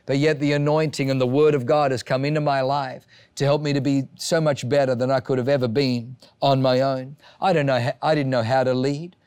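A man's voice: medium pitch, a little fast, few pauses, smooth, no room sound. Male preacher, dry close sound. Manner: animated storytelling, acts out voices. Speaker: pastor. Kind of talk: sermon.

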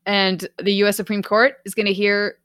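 A woman's voice: medium pitch, level tone, normal speed, fairly bright tone, no echo. A woman co-hosting a podcast in casual chat, blunt and openly sarcastic. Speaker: podcast co-host.

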